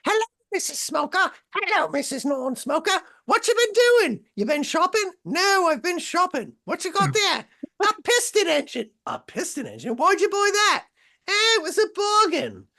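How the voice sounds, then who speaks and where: A man voicing a chirpy British local in an exaggerated put-on Cockney accent, pitched well above his own voice. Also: big pitch swings, normal speed, pushed and bright, heavily acted. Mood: chattering.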